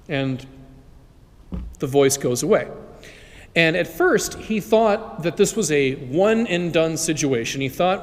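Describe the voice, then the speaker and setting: Priest preaching with long church reverb. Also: male voice, on the high side, expressive, a little slow. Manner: conversational storytelling. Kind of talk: homily. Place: large church.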